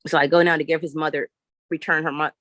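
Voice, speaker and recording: Blunt cussing vlogger ranting on and on, mid pitched, dry close phone sound. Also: level tone, fast talker, bright, forceful tone, no room sound. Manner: profane, exasperated and blunt, rambling. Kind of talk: ranting vlog storytelling. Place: walking around filming while talking.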